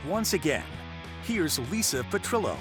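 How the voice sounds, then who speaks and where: Guy doing station promo, announcer voice, bit higher, guitar music loud. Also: big pitch swings, moderate pace. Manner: formal announcer delivery. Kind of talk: broadcast announcement.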